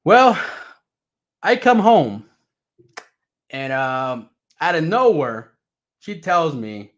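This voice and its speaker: A man casually telling his life story to viewers, animated and full of swearing, swinging between loud bursts and low mutters. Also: drawn-out words, pauses often.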